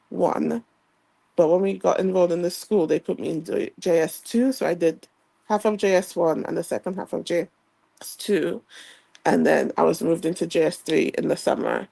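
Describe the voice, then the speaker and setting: Gravelly woman telling a childhood story. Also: lowish voice, warm tone, dry recording, low-quality recording. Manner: reflective, reenacts childhood dialogue. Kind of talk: personal storytelling.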